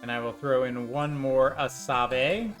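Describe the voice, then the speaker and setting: A man with a mid-range, fairly bright voice narrates his playthrough of an old role-playing game in an unhurried, steady tone. His commentary is sarcastic and meandering, peppered with jokey asides, and faint game music can be heard.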